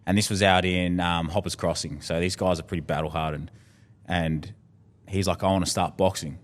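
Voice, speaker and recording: Deep-voiced Australian man, candid and heartfelt. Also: steady tone, moderate pace. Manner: candid, heartfelt, swears freely. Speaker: podcast guest. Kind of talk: casual conversation.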